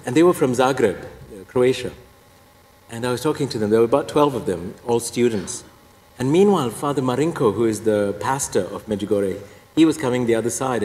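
Speaking with a mid-range voice and darkish tone, this fifty-something Singaporean priest shares his story with self-deprecating humor, chuckling at his own punchlines. It's recorded in an echoey hall with a faint background hum.

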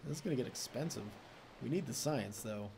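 A man's voice: medium pitch, expressive, brisk, gravelly, warm tone, a little hiss or hum. A young man casually commenting on his strategy game session, chatty and self-mocking, laughing often. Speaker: let's play host.

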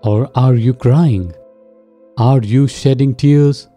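A man delivers a devotional sermon in a deeply mellow, dark-toned voice, pleading with listeners and guiding them through prayer. His pitch sits in a middle range, and soft music plays faintly behind him. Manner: slow, pleading, rhetorical questions to listeners; gentle and earnest, leads listeners in prayer. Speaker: preacher.

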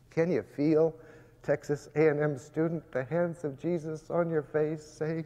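A man delivers an emphatic, sermon-like speech, speaking straight to his audience. His voice sits a little high for a man. It rings out in a large hall with a long reverb. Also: steady tone, measured pace, dark tone. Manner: emphatic, storytelling, addresses the audience directly. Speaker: guest speaker addressing students. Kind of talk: impassioned preaching-style speech.

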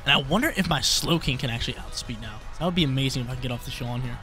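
A young man talks through his online battle as it plays out, thinking aloud and repeating himself when things get tense. His voice sits at an ordinary male pitch. Faint music plays under his talk. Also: very fast. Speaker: gaming YouTuber. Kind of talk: live gameplay commentary.

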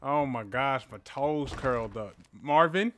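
A man casually commenting on a horror game as he plays, talking to his viewers and yelling when startled. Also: mid-range voice, moderate pace, a little hiss or hum. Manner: excitable, talks to viewers, yells at jump scares. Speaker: gaming channel host. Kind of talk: casual let's-play commentary. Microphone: headphones with a mic.

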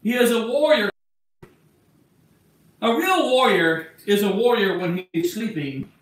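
A man's voice: sits high, expressive, a little slow. A man preaching an emphatic sermon as a bishop, acting out the words he quotes. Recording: echoey church from far off.

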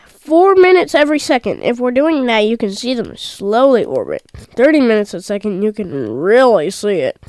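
A woman hosting a gameplay video, chatting excitedly with rambling asides into a desk microphone. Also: mid-range voice, moderate pace, dry recording, studio quality. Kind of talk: casual gameplay commentary.

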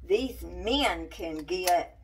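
A woman puts on a gossipy old country lady with a thick drawl. She grumbles in a folksy, unhurried way, her pitch swinging about as she fusses. The voice sits a little back from the mic, with faint noise behind. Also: lively intonation, recorded from a distance, full character voice. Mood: folksy grumbling. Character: old rural Southern woman, gossipy and fussing.

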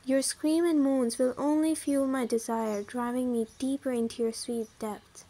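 A woman's voice: high voice, fairly even intonation, moderate pace, vocal fry, warm tone. Woman reading as a possessive young mafia husband. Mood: domineering.

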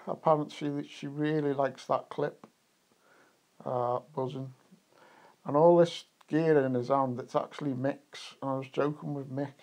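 A high-voiced English man filming himself in the fields at a detecting rally. He chats and jokes with friends, laughing a lot. The sound is close and dry. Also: no room sound. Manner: jokey and chatty, laughing often. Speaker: vlogger at a metal detecting rally. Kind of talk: casual vlog chat. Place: fields outdoors. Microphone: camera mic, wind noise at times.

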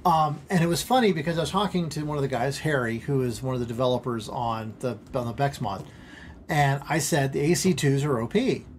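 A man casually commentating his strategy game stream at home, rambling, interrupting himself and getting excited over small things. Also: medium pitch, a little fast, slight background noise.

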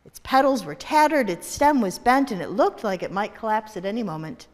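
A woman minister telling a story in a worship service, slow and expressive. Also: medium pitch. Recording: echoey hall.

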